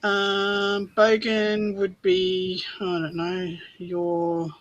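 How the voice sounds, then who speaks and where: A woman's voice: mid-range voice, monotone, extremely slow, dry recording, muffled recording. An Australian woman chatting casually as a livestream guest, explaining things in an easygoing, chatty way. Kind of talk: casual chat.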